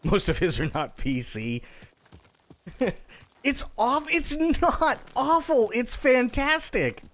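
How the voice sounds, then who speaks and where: A man's voice: high-pitched, huge pitch swings, takes it slowly, a bit bright. A young man streaming live, chatting casually and telling a joke in a playful way, laughing often and restarting his sentences. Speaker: livestreamer.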